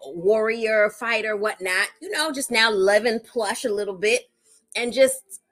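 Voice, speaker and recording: A woman's voice: a little high, measured pace, a bit bright. A woman co-hosting a podcast, chatting casually, laughing a lot and acting out quotes. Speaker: podcast co-host. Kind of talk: casual chat.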